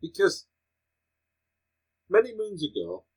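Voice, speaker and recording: A man's voice: high-pitched, wildly swooping pitch, takes it slowly, darkish tone, slightly rough, rough recording. A man co-hosting a comic-book podcast, chatting casually with wry, mock-old-fashioned banter. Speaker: podcast co-host.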